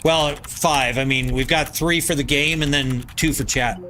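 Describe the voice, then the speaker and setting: A man's voice: fairly high pitch, fairly even intonation, a little slow, bright, forceful tone, slight background noise. A man with a nasal voice, live-streaming from his home basement, reading viewer comments aloud and answering in loose, rambling casual chat.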